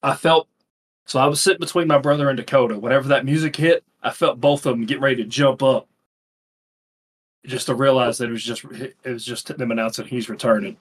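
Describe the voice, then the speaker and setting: A man's voice: mid-range voice, fairly even intonation, a little fast, slightly rough. A man co-hosting a casual podcast chat, telling stories in a rambling, profane way with lots of fillers. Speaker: podcast co-host.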